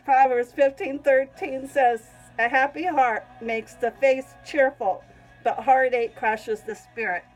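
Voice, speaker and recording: A woman's voice: sits high, fairly even intonation, slow, soft background music, rough recording. A woman with a Southern US accent reads her own Christian writing aloud, often breaking off to sneeze and giggle. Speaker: Christian vlogger.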